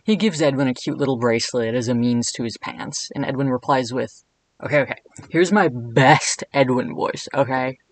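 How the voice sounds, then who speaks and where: A man narrates a comedic video essay, irreverent and jokey throughout. He drops dry, deadpan asides between his points. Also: mid-range voice, normal speed, poor audio.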